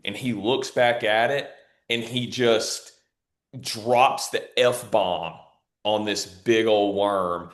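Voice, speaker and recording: A man with a lowish voice hosts a podcast conversation. He talks in a chatty, casual way, full of easy fillers and quick affirmations of his guest. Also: fairly even intonation. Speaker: podcast host. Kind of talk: casual interview talk.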